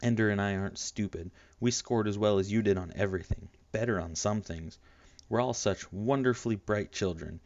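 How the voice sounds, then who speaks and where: A defiant, sharp-tongued young girl, as a man reads her out. The voice sits on the low side and cuts rather than shouts. The recording is dull, lo-fi and dry, with no room sound. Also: brisk, no echo, natural voice. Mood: cutting.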